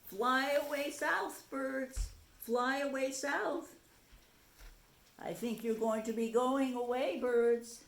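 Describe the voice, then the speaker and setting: A woman voicing a crow that caws loudly and warns of winter, read aloud in a roomy space. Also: high voice, fairly even intonation, slow, creaky, voice pushed up, full character voice. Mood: urgent. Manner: loud, repeated caws. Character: cawing crow warning of winter. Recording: roomy echo.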